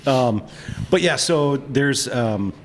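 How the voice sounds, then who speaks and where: A man's voice: mid-range voice, animated, slight background noise. A man talking as a guest on a podcast, blunt and teasing, in casual chat. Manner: teasing, blunt, talks in quick bursts. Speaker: guest, vehicle builder.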